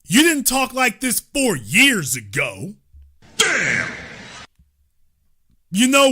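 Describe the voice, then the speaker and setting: A man's voice: high voice, pushed and bright. A male host ranting through political commentary in a heated, profane, mocking way.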